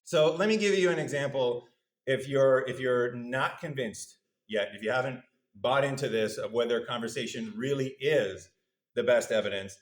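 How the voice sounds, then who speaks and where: A man's voice: mid-range voice, normal speed. A male university lecturer giving a conversational, good-humored lecture, putting questions to the audience in a lecture hall.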